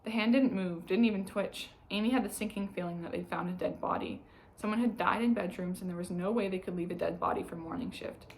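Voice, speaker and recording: A woman reading a novel aloud in calm, even narration. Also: mid-range voice, a little fast, a little hiss or hum, rough recording. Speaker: audiobook reader.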